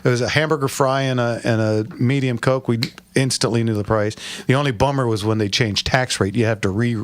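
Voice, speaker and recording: Older male call-in radio host, casual and rambling, animated when telling stories. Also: mid-range voice, brisk, no room sound. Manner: rambling, animated, imitates old customers.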